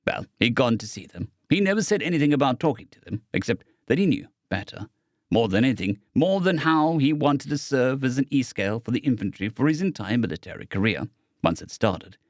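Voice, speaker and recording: A man reading a science fiction audiobook as narrator, in a steady storytelling manner. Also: medium pitch, a little fast, dry recording, studio quality.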